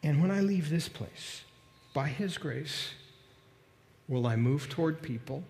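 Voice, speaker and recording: Pastor preaching in a reverberant hall. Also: male voice, fairly high pitch, a little slow, creaky, pauses often. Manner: storytelling, animated, then quiet prayer. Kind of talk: sermon.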